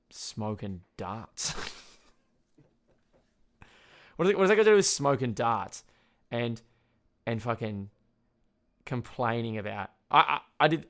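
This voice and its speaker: A man's voice: medium pitch, fairly bright tone. Rambling, swearing Australian guy. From Tasmania, Australia. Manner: rambling, swears a lot, laughs at himself. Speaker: podcast host. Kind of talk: casual solo rant.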